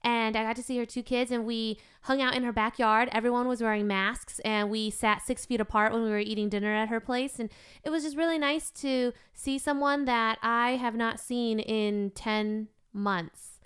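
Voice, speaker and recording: A woman's voice: fairly high pitch, steady tone, moderate pace, a bit bright, smooth. A woman co-hosting a podcast, telling stories in an upbeat, casual chat. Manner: chatty storyteller, upbeat. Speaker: podcast co-host.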